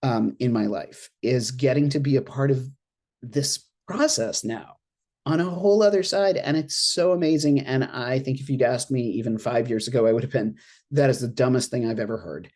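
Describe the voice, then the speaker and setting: Chatty, expressive interfaith minister on a video call. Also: medium pitch, normal speed. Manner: chatty and expressive, laughs often, acts out reactions in quoted asides. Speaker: interfaith minister and board treasurer on an alumni panel. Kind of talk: casual panel talk. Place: at home in an apartment.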